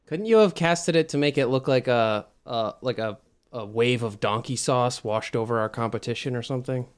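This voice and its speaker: A man's voice: mid-range voice, normal speed. A man player in a tabletop game, making wry, joking asides. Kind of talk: casual tabletop play.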